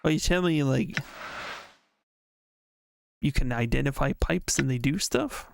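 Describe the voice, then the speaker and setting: A man chatting casually while streaming a game, thinking out loud and reading the game text aloud. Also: medium pitch, expressive, measured pace, gravelly, no room sound. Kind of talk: casual let's-play commentary.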